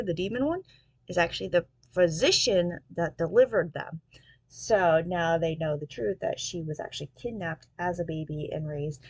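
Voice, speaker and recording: A woman's voice: on the low side, no echo. A woman casually recapping a romance novel's plot, rambling with lots of fillers like um and basically. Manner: rambling retelling with many fillers. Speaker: book reviewer.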